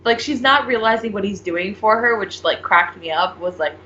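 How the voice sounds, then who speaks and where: A woman's voice: medium pitch, moderate pace, slight background noise. Young woman chatting in a roomy dull recording. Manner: relaxed, lots of filler "like". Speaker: co-host of a drama discussion channel. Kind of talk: casual chat.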